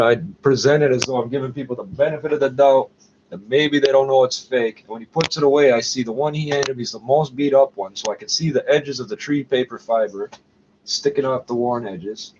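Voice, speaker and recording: A man's voice: medium pitch, darkish tone, slight background noise. Muttering man, lo-fi home recording. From Canada. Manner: rambling, profane, muttering asides ending in "eh?". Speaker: vlogger. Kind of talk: casual rambling monologue.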